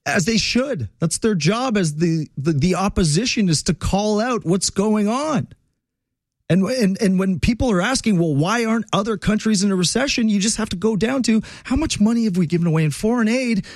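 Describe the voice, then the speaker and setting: A man from Quebec hosts a sarcastic, exasperated political commentary. His voice sits a bit high and swings widely in pitch. It is recorded dry and close, with no room sound. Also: animated, normal speed, darkish tone, dry recording.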